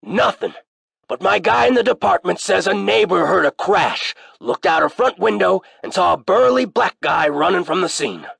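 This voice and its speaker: A man voicing a gravelly old colonel. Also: high voice, animated, normal speed, a bit bright, dry recording, pitched above the performer's own voice, full character voice. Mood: guarded. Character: older male colonel, guarded and matter-of-fact. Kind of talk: audiobook character voice.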